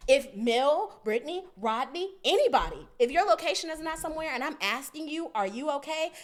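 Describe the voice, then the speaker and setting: A woman's voice: sits high, lively intonation, brisk. A woman co-hosting a podcast, telling a story in a casual, profane way and acting out both sides of the argument. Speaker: podcast co-host.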